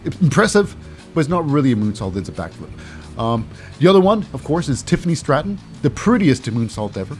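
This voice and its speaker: A man's voice: mid-range voice, very animated, a little fast, soft background music. A man casually recapping a wrestling show, rambling with lots of fillers and snarky asides.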